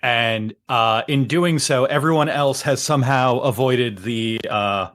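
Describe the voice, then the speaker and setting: A man's voice: medium pitch, measured pace, a bit bright. A man playing a tabletop game, describing his character's actions with many fillers and restarts. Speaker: player. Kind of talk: casual tabletop game play.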